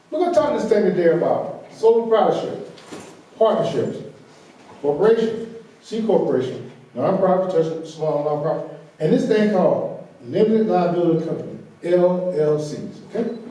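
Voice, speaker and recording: A man with a Southern US accent leading a financial training workshop, talking loud and fast and often checking in with "okay?". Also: high-pitched, slight background noise. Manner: energetic, repeats "okay?" to check in with the audience. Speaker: workshop presenter. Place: large meeting room. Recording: very echoey room, voice far from the recorder.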